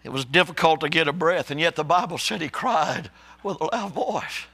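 A man preaching an impassioned sermon, addressing listeners as brother and sister and my friend, swinging from low, slow passages to high shouted cries. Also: a little hiss or hum.

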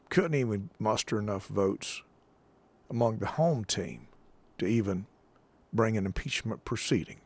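A gravelly man hosting a talk radio show. He speaks at an average pitch, folksy and emphatic, and hammers his points home by repeating them. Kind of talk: political talk radio commentary.

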